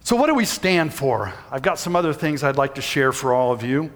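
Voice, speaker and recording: A man's voice: medium pitch, very animated, a little fast. Man, 60s, pastor, folksy sermon, long hall echo. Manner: folksy storytelling, shouts when reenacting. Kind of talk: sermon with personal story. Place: church sanctuary. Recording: reverberant church hall.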